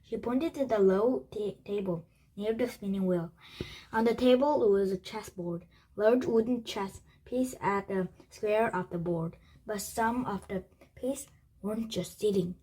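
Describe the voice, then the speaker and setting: A woman reading a children's chapter book aloud, halting with frequent restarts and slips. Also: mid-range voice, dark tone, breathy edge, low-quality recording. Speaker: storybook reader.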